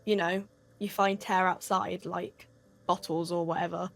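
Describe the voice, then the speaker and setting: A quiet, matter-of-fact young woman, as a man puts her on. The voice sits high and barely moves in pitch, soft and flat. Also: unhurried, creaky, heavily acted.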